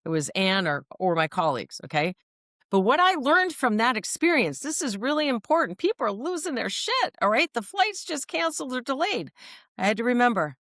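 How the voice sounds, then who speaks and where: A woman's voice: mid-range voice, fairly bright tone, dry recording, clean studio sound. A woman speaking on mental health, telling personal stories in an earnest, emphatic way and often checking in with her listener. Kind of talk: personal storytelling monologue.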